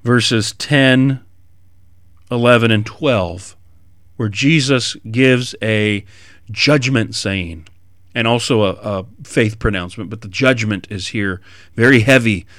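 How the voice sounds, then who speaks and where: A man preaching an expository sermon in an animated way, rising to emphatic bursts. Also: lowish voice, slow, dry recording, studio quality.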